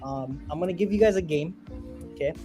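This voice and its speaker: A man's voice: fairly high pitch, brisk, warm tone, faint music behind. A man hosting a casual gaming podcast, talking energetically and laughing often. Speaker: podcast host.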